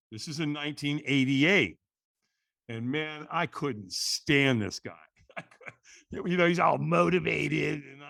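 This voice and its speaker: A middle-aged man, a podcast guest, telling a personal story in a lively way, acting out the voices in the quotes and often restarting words. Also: a little high, vocal fry, dry recording, clean studio sound.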